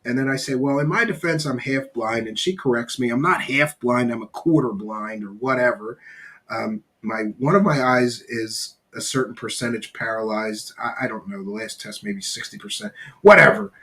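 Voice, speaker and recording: Casting: middle-aged male live-stream host, blunt and rambling, swears casually, mid-pitched voice. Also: animated, normal speed, pushed and bright. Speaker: podcast host reading live chat.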